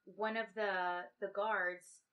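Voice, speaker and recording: The audio is dull, and the woman speaks slowly with a flat delivery in a medium-pitched voice. Co-hosting a casual podcast, she gives a rambling retelling of a movie plot and acts out the characters' lines.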